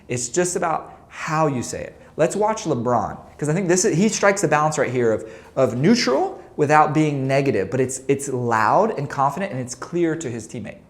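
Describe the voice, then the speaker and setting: A man's voice: very animated, moderate pace, hardly any pauses. A man, a basketball coach, teaching a lesson to camera in a playful way, quizzing the viewer and then joking about the answers. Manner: playful, asks quiz questions and answers them with jokes; acts out shouted examples, voice leaps high. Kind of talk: instructional talk to camera.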